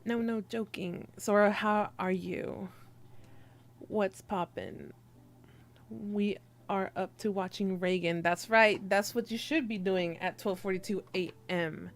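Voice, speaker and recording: A woman's voice: medium pitch, fairly even intonation, slow pace. A young woman streamer chatting casually with her viewers, teasing and giggling as she reads the chat aloud.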